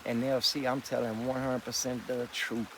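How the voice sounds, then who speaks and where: A man's voice: medium pitch, level tone, normal speed, slight background noise, rough recording. A man vlogging in a rambling, profane, emphatic monologue, calling listeners partner and boy. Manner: folksy address with "partner" and "boy".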